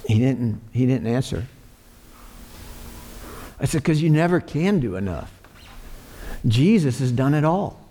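A man's voice: mid-range voice, big pitch swings, a little slow, pauses often, mellow, slight background noise. A man preaching a sermon in a church, earnest and repeating phrases for emphasis. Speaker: pastor.

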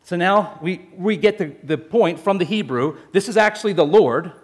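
A man preaching a sermon, telling a story in a lively, jokey way and speaking straight to the congregation. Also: sits high, moderate pace, slightly rough. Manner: animated, jokey storytelling addressing the congregation as folks. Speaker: pastor.

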